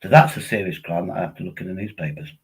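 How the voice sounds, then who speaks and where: Drunk East Midlands vlogger, husky, rambling chat, repeats himself. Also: male voice, sits low, racing, poor audio. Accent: East Midlands English. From Derbyshire, England. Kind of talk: casual chat.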